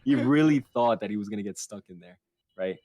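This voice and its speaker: A man's voice: lowish voice, fairly quick, no echo. A young man co-hosting a podcast, telling a childhood story in casual, profane chat and acting out other people's lines. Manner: animated and profane, quotes others in put-on voices. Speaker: podcast co-host.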